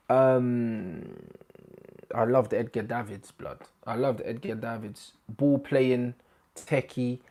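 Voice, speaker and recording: Young male host, casual football banter, excitable and slangy. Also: medium pitch. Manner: animated slang-heavy banter, bursts of excitement. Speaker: YouTube host. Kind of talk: casual football chat to camera.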